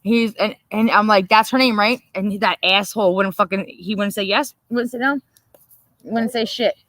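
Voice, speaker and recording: A woman hosting a casual livestream, telling a story in a profane, animated way and laughing often. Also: mid-range voice, normal speed, dry recording. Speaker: livestream host.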